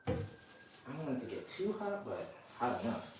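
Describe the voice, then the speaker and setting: In a small bathroom being renovated, a DIY vlogger talks casually to himself while painting, tossing in slangy asides. His medium-pitched voice is sing-song at a moderate pace, and the recording sounds echoey, far from the mic, with noise behind him.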